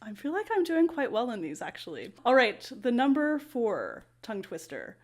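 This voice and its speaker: A woman's voice: fairly high pitch, moderate pace. Chatty woman explaining classroom activities. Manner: chatty, relaxed, frequent ums and "kind of". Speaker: ESL teacher and channel host. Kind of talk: casual teaching explainer.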